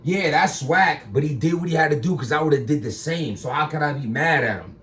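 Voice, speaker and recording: A battle rapper talking in a rambling casual commentary, bursting into loud emphatic lines. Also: male voice, fairly high pitch, brisk, recorded from a distance.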